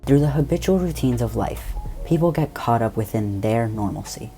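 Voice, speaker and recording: Young man reading an essay, mellow tone. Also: mid-range voice, normal speed, gravelly, soft background music. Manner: steady, formal reading.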